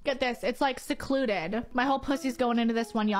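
A woman showing off her decorated game island, excitable, laughing and swearing often. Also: a little high, fairly quick, few pauses, noisy background. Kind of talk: excited gaming clip.

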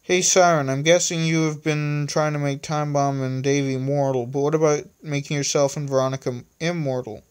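A man's voice: a little high, fairly even intonation, normal speed, few pauses, smooth, lightly acted. A man voicing a cheerful, boastful immortal in a homemade story reading.

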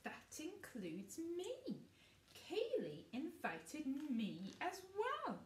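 A woman's voice: high-pitched, huge pitch swings, very slow, reverberant, distant mic, slight background noise, voice pushed up, full character voice. Cinderfella, put on by a woman, a cheerful young boy. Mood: eager.

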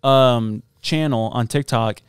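A man's voice: medium pitch, takes it slowly, clean tone, no room sound, clean studio sound. A man co-hosting a podcast in casual chat, laid-back and filling with "like". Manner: laid-back, says "like" often. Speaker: podcast co-host.

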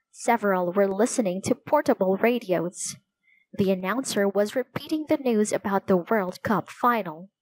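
A woman reading a children's chapter book aloud in a slow, careful storytelling manner. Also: medium pitch, dry recording, low-quality recording. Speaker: storybook reader.

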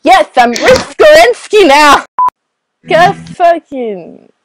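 Silly tipsy woman vlogger, sore throat, high lively voice, slow drawl. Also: noisy background. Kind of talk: rambling late-night chat.

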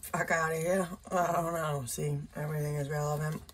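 A woman's voice: low-pitched, flat delivery, normal speed, slight background noise. A woman giving a casual tarot reading, chatty and loose, with profane asides. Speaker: tarot reader.

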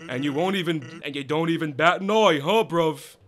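A man's voice: on the high side, moderate pace, a bit bright, faint music behind, voice pushed down, lightly acted. A man voicing a lazy, teasing male skeleton with a laid-back drawl, tacking slang onto every line. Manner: laid-back, teasing, says bruv a lot.

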